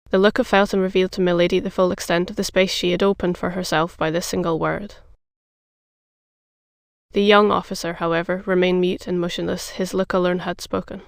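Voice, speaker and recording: An audiobook narrator reads a classic novel in an even, measured way. The voice is low in melody, gravelly yet smooth and crisp, recorded close and dry. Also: dry recording.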